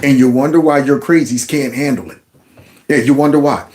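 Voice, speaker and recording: A man's voice: medium pitch, brisk, a little mellow. A middle-aged man, a former school principal, hosting a reaction commentary and talking back at clips in an indignant, mocking way.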